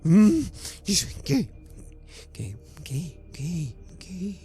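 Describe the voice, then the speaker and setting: A screaming unhinged hermit. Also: male voice, high voice, huge pitch swings, very slow, dark tone, breathy edge, faint music behind, pitched above the performer's own voice, full character voice. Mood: frantic. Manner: screaming, then babbling in broken repeats. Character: haggard frantic hermit man, paranoid and unhinged.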